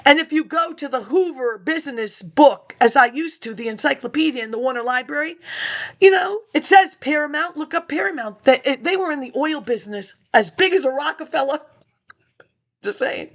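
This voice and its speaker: In a loose, wandering monologue, a woman vlogging to her viewers hops between topics and chuckles to herself. She speaks briskly in a high-pitched, expressive voice.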